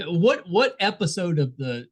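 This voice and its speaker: A man's voice: high voice, big pitch swings, unhurried. A man with a West Virginian accent hosting a podcast, asking short, friendly questions in casual interview chat. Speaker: podcast host.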